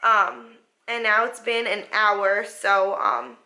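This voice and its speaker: A woman's voice: mid-range voice, fairly even intonation, takes it slowly, sharp tone, rough recording. A woman telling a family story in a casual vlog, rambling on with many fillers and acting out what everyone said. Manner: rambling retelling with many fillers and quoted dialogue. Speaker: mother vlogger.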